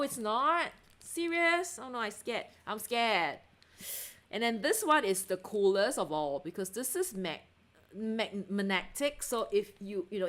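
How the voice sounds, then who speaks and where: A woman's voice: medium pitch, fairly bright tone. A woman hosting an art livestream, chatting casually to viewers with frequent giggles and self-interruptions as she shows her paints. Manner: asks viewers to check things, answers chat. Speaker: artist livestream host.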